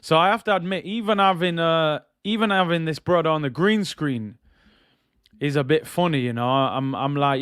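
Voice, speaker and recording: Brief: man streaming a football watch-along, casual and slangy, slightly high voice, clear, dry close-mic sound. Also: a little fast, fairly bright tone, no room sound. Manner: chatty, slangy, reads out chat messages. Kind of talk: casual live commentary.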